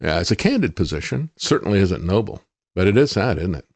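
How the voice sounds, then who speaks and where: Deep, creaky and darkish, this middle-aged political talk-show host's voice has a sing-song lilt and moves a little fast in a dry recording. His opinionated monologue is indignant and sarcastic, packed with fillers and restarts.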